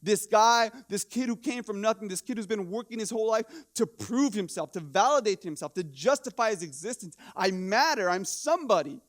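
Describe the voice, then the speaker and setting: A man preaching a sermon as pastor, animated and conversational, firing rhetorical questions and stumbling into restarts. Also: high-pitched, fairly quick, hardly any pauses. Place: church.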